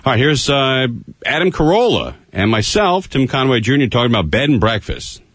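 Male talk radio host, animated delivery, close dry studio sound. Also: mid-range voice, a little fast, dry recording. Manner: chatty, laughs easily. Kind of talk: live talk radio hosting. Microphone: studio broadcast microphone.

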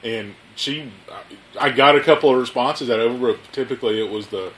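A man's voice: medium pitch, fairly quick, fairly bright tone, poor audio. A man in casual conversation as a co-host, talking bluntly and profanely with a self-mocking streak. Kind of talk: casual chat.

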